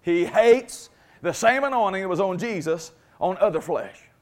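High-voiced, emphatic male preacher. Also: lively intonation, moderate pace, darkish tone. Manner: emphatic, repeats phrases, calls for congregation response. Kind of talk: sermon.

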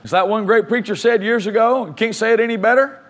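A man preaching a sermon as pastor, reading scripture aloud and slowing down to stress key phrases, leading his congregation in call-and-response. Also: high-pitched, a bit bright.

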